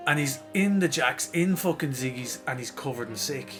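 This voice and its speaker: A young Irish man from Dublin, co-hosting a podcast and telling a sweary, animated story in casual chat. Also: medium pitch, normal speed, music in the background. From Ireland. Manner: sweary, animated anecdote teller. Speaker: podcast co-host.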